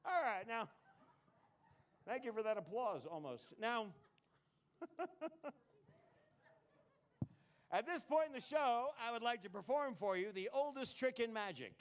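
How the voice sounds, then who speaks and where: A man's voice: extremely high pitch, lively intonation, moderate pace. A man performing a comedy magic act on a live stage, full of puns and self-mocking jokes. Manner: punning, self-mocking, jokey.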